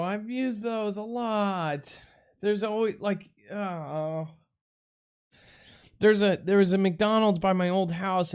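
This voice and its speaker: A smooth, high-pitched male voice with a darkish tone runs a comedy call-in news show. The host fumbles words, repeats them in silly voices and jokes to himself in a goofy blooper-reel read of the news.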